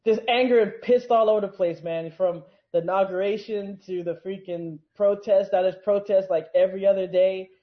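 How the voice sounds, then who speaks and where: A man's voice: sits high, fairly even intonation, normal speed, hardly any pauses. A man co-hosting a podcast, joking in casual chat and often laughing into his lines. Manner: joking, laid-back, trails into laughs. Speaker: podcast co-host. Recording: dull lo-fi sound.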